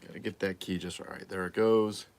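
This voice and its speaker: A man's voice: sits low, steady tone, fast, slight background noise. A man hosting a casual livestream, putting together a collectible mask while chatting and cracking crude jokes to his viewers. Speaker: toy collector livestream host. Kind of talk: casual unboxing livestream chat.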